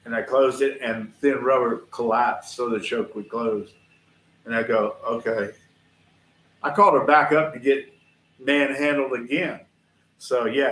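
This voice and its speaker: A man's voice: mid-range voice, fairly bright tone, echoey room. A man, hosting a casual livestream show and telling rambling stories straight to his viewers in a chatty, folksy way. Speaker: host of a livestream shop show. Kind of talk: casual rambling storytelling to chat. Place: workshop.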